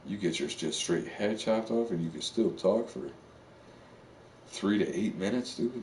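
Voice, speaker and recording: A man's voice: deep voice, unhurried, darkish tone, slight background noise. A man streaming live, rambling on in a casual, profane monologue full of fillers. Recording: echoey room, far from the mic.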